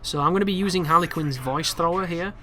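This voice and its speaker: A man's voice: on the high side, quick pace. A man giving casual walkthrough commentary over gameplay, chatty and prone to exasperated asides. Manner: chatty, with exasperated, animated asides about the game.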